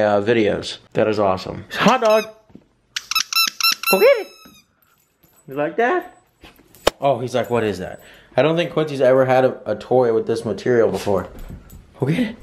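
Animated man chatting to his dog. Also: mid-range voice. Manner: animated, baby-talk to the dog with laughs. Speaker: vlogger, dog owner. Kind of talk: casual vlog talking to his dog.

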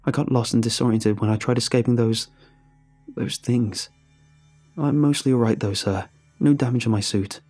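A man voicing a terrified young male soldier trapped alone, breathless and shouting in panic. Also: medium pitch, brisk, breathy edge, faint music behind. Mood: scared.

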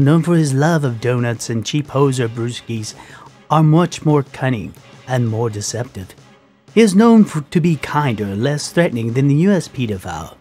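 A man narrating a mock safety film in a deadpan announcer tone. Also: mid-range voice, normal speed, soft background music.

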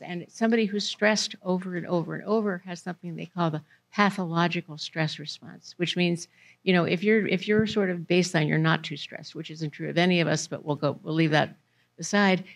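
A woman's voice: lowish voice, steady tone, normal speed. A woman giving a conversational presentation to parents in a library meeting room, putting questions to the audience.

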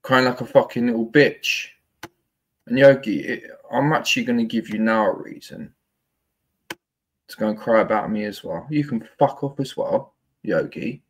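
A man's voice: mid-range voice, moderate pace, husky. A man on a livestream, ranting angrily, swearing, taunting and threatening.

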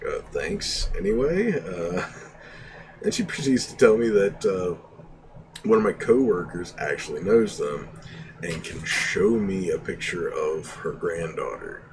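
A man's voice: low-pitched, unhurried. A young man telling stories on a stream in a casual, rambling way, laughing often and restarting his sentences. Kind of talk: casual storytelling. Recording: distant mic with background noise.

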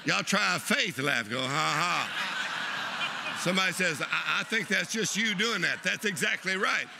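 A preacher, delivering an exuberant sermon and leading the congregation in laughter. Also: male voice, high voice, animated, moderate pace, creaky, background noise. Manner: exuberant, leads the crowd in laughing. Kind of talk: lively sermon.

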